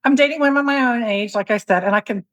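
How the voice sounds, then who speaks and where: Animated woman in her fifties telling stories. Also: fairly high pitch, fast, no room sound, poor audio. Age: 50s. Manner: animated, acts out both sides of a story, swears freely. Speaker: podcast guest. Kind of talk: candid comic storytelling.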